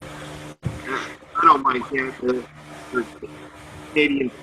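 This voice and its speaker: A man in casual voice chat, talking in a calm, matter-of-fact way. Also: mid-range voice, slow pace, noisy background. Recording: dull lo-fi mic.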